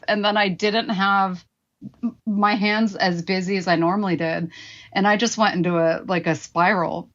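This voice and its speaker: A woman's voice: medium pitch, steady tone, moderate pace, fairly bright tone, lo-fi sound. A woman in her forties, a guest telling her own story frankly and with swearing, acting out her past remarks. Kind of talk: candid personal storytelling.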